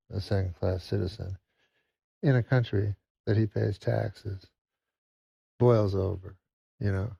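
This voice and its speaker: Gravelly man telling a joke. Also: low voice, warm tone, no room sound, highs cut off. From Canada. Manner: rambling storytelling with fillers. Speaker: comedian.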